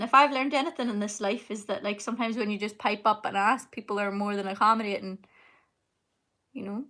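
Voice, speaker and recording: Bright, chatty young woman. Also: on the high side. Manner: chatty, rambling, laughs often, many fillers. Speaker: singer hosting a live Q&A. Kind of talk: casual live-stream chat answering comments. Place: home, indoors.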